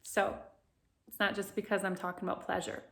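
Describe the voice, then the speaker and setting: A woman voice coach leading a guided vocal exercise lesson, speaking in slow, soothing instructions and singing vowel sounds to demonstrate. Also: medium pitch, little pitch movement, vocal fry, background noise.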